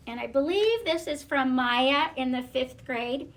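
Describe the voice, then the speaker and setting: School librarian lady reading a picture book to kids, high voice, gentle, lots of ums. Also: expressive, a little slow. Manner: gentle, hesitant with frequent fillers.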